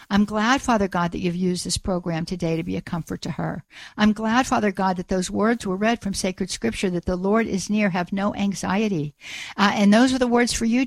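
A woman hosting a call-in radio show, praying aloud for a listener in an earnest, halting way and often repeating her words. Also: mid-range voice, no room sound. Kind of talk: prayer and call-in radio talk.

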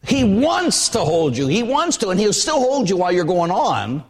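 A man preaching a sermon as a priest, telling stories with animated voices. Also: high-pitched, normal speed, few pauses, in a large hall. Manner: animated storytelling, acts out voices and hugs.

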